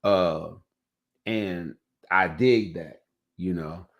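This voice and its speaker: Male podcast host, low voice, loose storytelling delivery, easygoing chat. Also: extremely slow. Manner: loose, storytelling, heavy on "you know what I'm saying".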